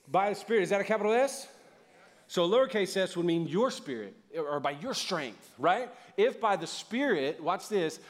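A middle-aged male pastor preaching a sermon in a lively, conversational way, calling on the audience to respond. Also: high-pitched. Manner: casual, conversational asides.

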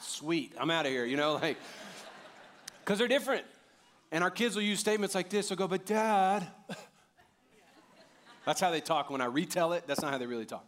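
A pastor in his thirties preaching a sermon, animated and jokey, rising to loud emphatic peaks. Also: on the high side.

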